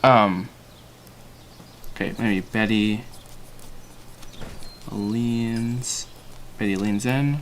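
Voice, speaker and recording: A man's voice: fairly low pitch, steady tone, extremely slow, long pauses, a little hiss or hum. A young man hosting a casual livestream while storyboarding, thinking aloud with self-mocking asides and many fillers. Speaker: animator and livestream host.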